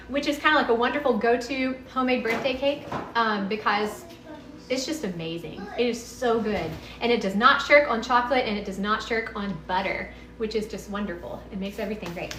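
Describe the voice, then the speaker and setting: Texan woman, live cooking chat, bubbly, lively swooping voice, echoey room. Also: high-pitched. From Texas. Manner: chatty, bubbly, meandering, talks to viewers. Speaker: home cook hosting a live stream.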